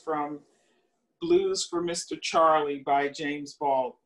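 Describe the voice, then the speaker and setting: An older woman in her seventies recalls her college years in an oral history interview. She speaks very slowly and pauses to search for details, often trailing off. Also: lowish voice, sing-song, vocal fry, rough recording. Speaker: alumna interviewee.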